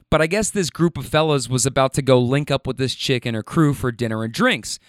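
Clear-voiced man telling a story. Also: mid-range voice, no echo, studio quality. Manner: animated, laughing, casual swearing. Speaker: rideshare driver. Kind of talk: casual storytelling.

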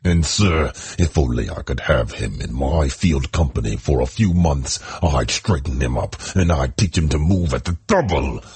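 A man's voice: rumbling low, lively intonation, normal speed, hardly any pauses, darkish tone, breathy edge, dry recording, exaggerated voice. A man reading as a harsh, abrupt sergeant major. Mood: gruff. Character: gruff male sergeant major, powerful and abrupt.

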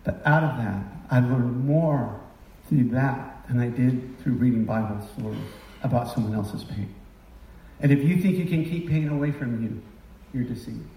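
A middle-aged male preacher delivers a confessional, emotional sermon that swells into impassioned outbursts. His voice is mellow and warm. It is picked up from a distance in an echoing room. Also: mid-range voice, normal speed. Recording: roomy sound from a distance.

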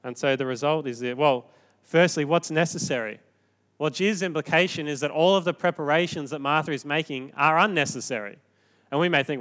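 A man preaching a sermon in a conversational, animated way, moving between quiet reflection and emphatic points. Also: fairly high pitch, brisk. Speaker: pastor.

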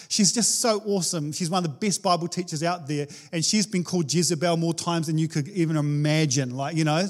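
A man preaching a casual, conversational sermon as a pastor, animated and chatty with many fillers. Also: high-pitched. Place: church.

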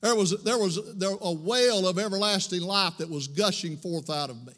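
A man preaches in a church, his high voice ringing out with a long reverb tail. He spins folksy stories and climbs into fervent exhortation. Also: normal speed, a bit bright. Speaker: pastor. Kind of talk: sermon. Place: church sanctuary.

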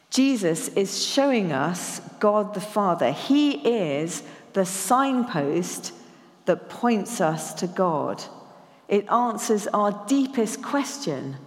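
A woman preacher from England giving a conversational sermon in a church, slowing down to read scripture with emphasis. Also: on the low side. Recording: church hall reverb.

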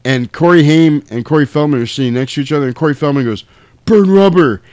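A man in casual chat, retelling a film scene by scene with lots of energy. His voice sits in an everyday middle pitch and the recording is dry and close. He drops into loud, exaggerated character voices and laughs often. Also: steady tone, fast, clean tone, dry recording. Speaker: podcast host retelling a movie.

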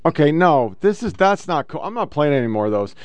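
Middle-aged man, crude blunt commentary, lively swinging voice, dry close sound. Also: fairly high pitch, a little fast, no echo. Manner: blunt, crude, lectures women in clips. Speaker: podcast host reacting to clips. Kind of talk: casual profane commentary.

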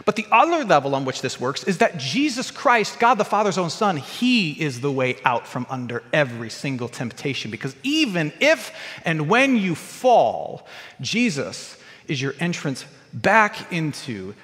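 A man preaching a sermon to his congregation, moving between loud emphatic lines and quiet low ones. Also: very animated, a little slow. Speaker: pastor. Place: church sanctuary. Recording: church hall with long reverb.

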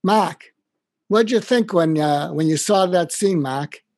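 A man's voice: high voice, slow pace, dry recording, studio quality. A man doing a coaxing old Boston mentor. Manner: repeats the name, pushes gently with questions. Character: older male mentor, warm, coaxing, insistent.

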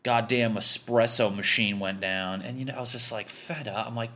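A man's voice: fairly low pitch, fairly even intonation, normal speed, sharp tone, slight background noise. A young man from Connecticut hosting a podcast, delivering a profane, rambling comedic rant. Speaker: podcast host.

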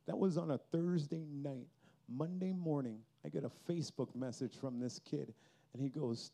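A man's voice: on the high side, moderate pace, creaky, dark tone. A man giving a personal testimony at a Christian youth festival, telling his story earnestly and with feeling.

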